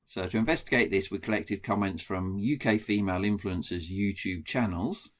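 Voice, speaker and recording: A middle-aged man with a Black Country accent from England gives a plain recorded lecture about his research in a low-pitched voice at normal speed. He frequently says um and restarts his sentences.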